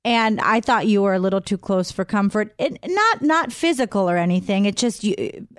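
A woman's voice: medium pitch, animated, moderate pace, no echo. A woman co-hosting a radio show, chatting in a friendly way on a studio mic. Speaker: radio co-host. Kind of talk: casual radio chat.

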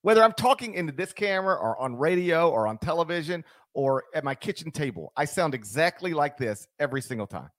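A man's voice: fairly high pitch, sing-song, a little fast, hardly any pauses, fairly bright tone, dry recording. A man hosting a sports podcast, talking casually and animatedly with frequent ums. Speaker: podcast host.

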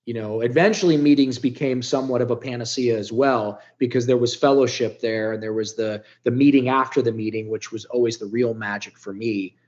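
A middle-aged man, a podcast guest, telling his story candidly and bluntly, with lots of swearing and big swings between loud and soft. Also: mid-range voice, steady tone, fairly quick, hardly any pauses, muffled recording. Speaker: podcast guest, business founder.

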